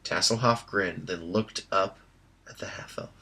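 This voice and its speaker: A man reading an audiobook aloud in a steady storytelling voice. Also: deep voice, measured pace, creaky, husky, rough recording. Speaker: audiobook reader. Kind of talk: amateur audiobook narration.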